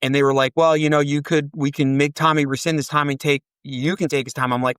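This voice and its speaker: A man's voice: fairly high pitch, fast talker, smooth, no echo. A man in his forties, a podcast guest, telling rambling, profane stories in a casual chat and acting out the dialogue. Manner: rambling, profane, animated storytelling with quoted dialogue.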